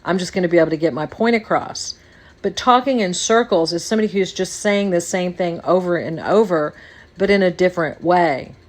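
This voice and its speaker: A woman's voice: fairly low pitch, brisk. A woman hosting a podcast, talking casually in a rambling monologue and repeating phrases for emphasis. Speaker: podcast host.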